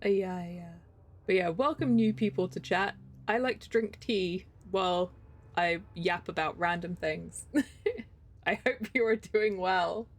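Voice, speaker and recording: A woman's voice: on the low side, a little slow. A young English woman streaming a game, chatting casually, rambling and giggling between thoughts. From England. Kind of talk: casual live-stream chat.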